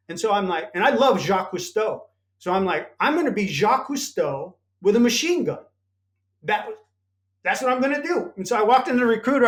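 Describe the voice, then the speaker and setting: Podcast guest: a high-pitched older man, lively storyteller who acts out quoted voices. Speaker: podcast guest, former Navy SEAL. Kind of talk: storytelling in an interview.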